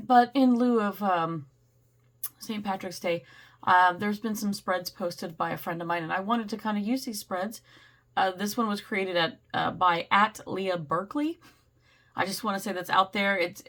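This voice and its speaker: A woman giving a casual, rambling tarot reading, slightly hoarse, clearing her throat and laughing often. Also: medium pitch, a bit bright. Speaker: tarot reader.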